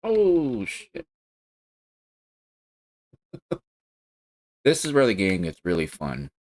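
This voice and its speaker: A man giving casual live-stream commentary while playing a racing game, chatty and excitable, breaking into loud yelps and curses at crashes, talking from a home gaming setup. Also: on the low side, extremely slow, low-quality recording.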